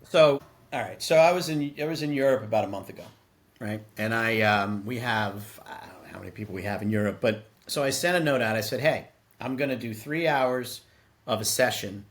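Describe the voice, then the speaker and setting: A man's voice: medium pitch, fairly quick. A middle-aged man, a podcast guest, talking casually and animatedly, acting out quoted dialogue as he tells stories. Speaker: podcast guest, sales executive. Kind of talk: casual interview conversation.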